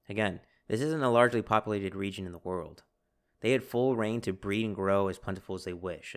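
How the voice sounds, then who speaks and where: A man hosting a casual history podcast, telling the story with animated bursts and acted-out quotes. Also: on the low side, smooth. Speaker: podcast host.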